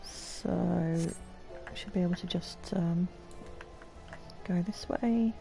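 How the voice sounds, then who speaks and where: A woman's voice: fairly low pitch, slow pace, gravelly, dark tone, faint music behind. A woman from the UK streaming a game, chatting casually, hesitant and self-deprecating as she talks to herself. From United Kingdom. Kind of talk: casual live game commentary.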